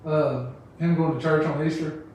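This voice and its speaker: A man's voice: fairly high pitch, fairly even intonation, normal speed, a little mellow, slight background noise. A man chatting casually on a podcast, retelling comedy bits through his own laughter. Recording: very echoey room, mic far off.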